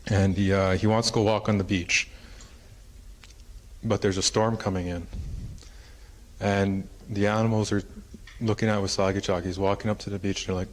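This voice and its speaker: In a conference hall, a man with a lowish, flat voice tells a traditional story as part of his talk. He speaks at normal speed with long pauses, and his telling is casual and rambling, full of fillers.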